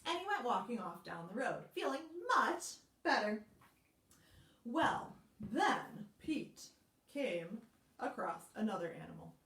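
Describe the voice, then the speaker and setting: A woman librarian leading a children's storytime, slow, animated and encouraging. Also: mid-range voice. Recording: roomy sound, mic at a distance.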